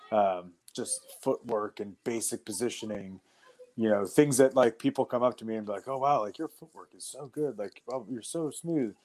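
A young adult man, a wrestler and guest on an interview show, telling stories in a loose, animated way with lots of fillers. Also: on the low side. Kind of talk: casual storytelling.

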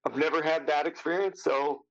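A man's voice: a little high, normal speed, muffled recording. A man in his fifties, an actor guest telling stories casually, acting out what others said and swearing freely. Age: 50s. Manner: animated, acts out quotes of others, casual swearing. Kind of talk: casual anecdotal storytelling.

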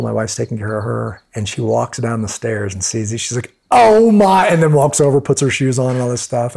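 A middle-aged man, a former Navy SEAL, telling stories as a guest in a casual interview, animated and full of restarts. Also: mid-range voice, gravelly, husky. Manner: animated storyteller, frequent restarts.

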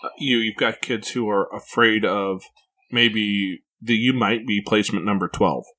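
A man's voice: fairly low pitch, measured pace, pushed and bright. A man hosting a casual podcast conversation as a parent, speaking reflectively with frequent repeated words.

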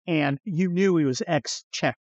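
A middle-aged man hosting a podcast, telling stories in a profane, animated way and acting out the people he quotes. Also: on the high side, unhurried, dry recording. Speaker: podcast host. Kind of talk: casual storytelling chat. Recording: slightly dull, dry studio sound.

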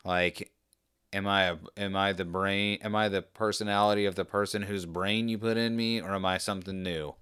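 A man's voice: low voice, steady tone, normal speed, fairly bright tone, smooth. A man voicing a laid-back male creature who talks like a casual dude in easygoing slang. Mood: puzzled.

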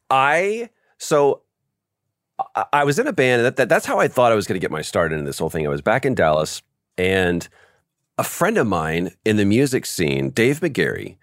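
A man being interviewed as a voice actor, telling stories in a casual, animated way and acting out quoted lines over a video call. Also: low-pitched, dry recording, clean studio sound. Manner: animated storyteller, acts out quotes. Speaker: guest, voice actor. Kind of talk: casual podcast interview storytelling.

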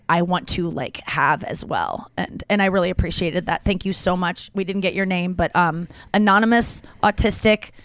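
A woman hosting a podcast in casual chat, animated and gushing, with casual swearing. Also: on the low side, no room sound. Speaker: podcast host.

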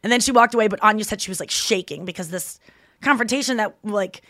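A woman's voice: medium pitch, fast talker, a bit bright, no echo, studio quality. A woman in her thirties hosting a podcast, chatting casually and retelling stories with quoted voices. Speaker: podcast host and comedian.

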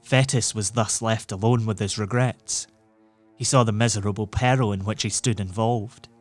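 A man's voice: lowish voice, steady tone, moderate pace. Man narrating an audiobook, faint music.

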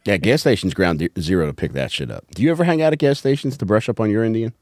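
A man's voice: fairly low pitch, expressive, fast, a little mellow, no echo, studio quality. A man hosting a podcast who teases the guests and asks questions in casual chat. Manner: teasing, question-asking.

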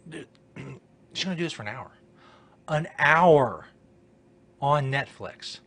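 A man's voice: mid-range voice, a bit bright. A man giving exasperated, sarcastic reaction commentary, swearing and muttering.

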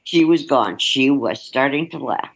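A woman's voice: rumbling low, animated, a little slow, gravelly, breathy edge, rough recording. Woman journalist telling an old field story, keeps cracking up, real blunt about it. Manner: breaks into laughter while recounting, vivid and frank. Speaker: journalist recalling a field assignment. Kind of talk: candid storytelling in an interview.

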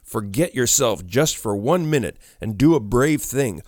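A man's voice: medium pitch, animated, unhurried, a little mellow, no echo, studio quality, natural voice. A man reading the part of a male ghost who begs a woman for love in a beseeching, imploring voice. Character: pleading male ghost, young, yearning.

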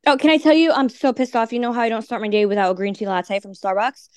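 A woman's voice: fairly high pitch, fairly even intonation, fast talker, a little mellow, clean tone, dry recording. A woman co-hosting a casual chat podcast, blunt and crude as she teases her friend. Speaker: podcast co-host.

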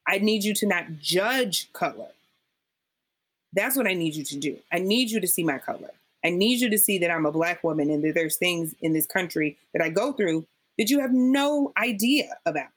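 A woman's voice: lowish voice, moderate pace, breathy edge. A woman guest in a conversational interview, talking emphatically and acting out what people said to her. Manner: emphatic, animated storyteller acting out quotes. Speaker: podcast guest.

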